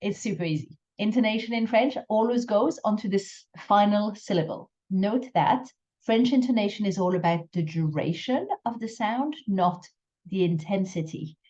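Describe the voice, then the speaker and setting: Woman, pronunciation lesson, careful drawn-out examples, warm dark tone. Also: medium pitch, muffled recording. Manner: slow, careful explanations with drawn-out French examples. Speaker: French teacher.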